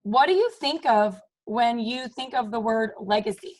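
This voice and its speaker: A woman's voice: a little high, moderate pace, poor audio. A woman in her thirties speaking on a team call with upbeat, emphatic motivational talk, often tagging her points with "okay?" and "you guys". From Maryland, US. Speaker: team leader.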